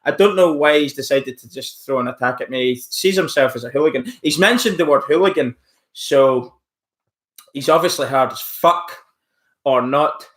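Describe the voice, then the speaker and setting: A man's voice: medium pitch, normal speed, fairly bright tone. A man live-streaming from home, rambling casually as he reacts to chat messages and mocks a troll. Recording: roomy echo.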